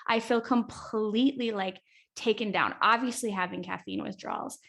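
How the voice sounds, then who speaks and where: A woman guest on a casual podcast telling a story with lots of fillers and animated quotes of herself. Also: mid-range voice, moderate pace, vocal fry.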